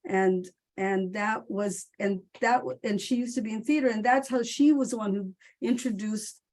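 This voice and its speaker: An older woman on a video call, telling lively stories with frequent laughter and loud bursts. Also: mid-range voice, normal speed. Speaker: honored guest playwright.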